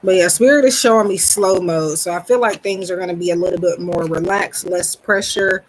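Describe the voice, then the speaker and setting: A woman's voice: lowish voice, fairly quick, low-quality recording. Rambling woman giving a live tarot reading. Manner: relaxed, rambling, frequent ums; greets viewers mid-reading. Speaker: tarot reader.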